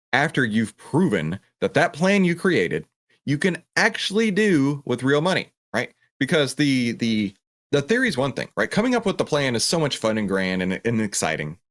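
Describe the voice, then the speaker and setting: A man with a mid-range voice hosts a livestream Q&A on stock trading, answering viewer questions at normal speed. He's passionate and animated, acting out other people's voices, including a panicking trader.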